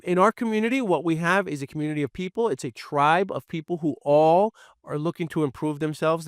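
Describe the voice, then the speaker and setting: A man coaching real estate wholesalers, speaking bluntly and acting out his own lines to sellers in a lower, firmer voice. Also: clear, resonant tone, no room sound, clean studio sound. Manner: direct, blunt, role-plays scripted seller lines in a low firm voice. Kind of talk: training presentation.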